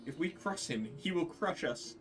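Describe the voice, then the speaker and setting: A cowering little kobold frets and pleads, repeating itself as its voice climbs into high, panicky wails, as a man reads the game lines aloud. The delivery swings widely in pitch. Faint music plays underneath. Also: animated, normal speed, a bit bright, distant mic. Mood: panicked. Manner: repetitive, wailing, pleading, pitch jumping high. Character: fretful cowering kobold, male, small. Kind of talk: reading game dialogue aloud.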